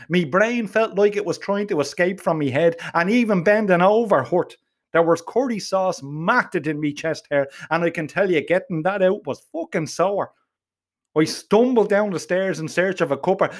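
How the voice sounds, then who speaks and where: Sweary, gruff middle-aged man. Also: high voice. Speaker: storyteller. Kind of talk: comic storytelling narration.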